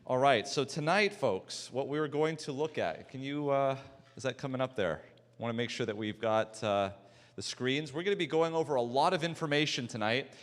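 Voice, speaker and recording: A man's voice: mid-range voice, normal speed. Man, middle-aged, lecturing, conversational, questions to audience, echoing hall. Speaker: sleep specialist lecturer. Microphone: handheld mic, swapped mid-talk. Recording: long hall reverb.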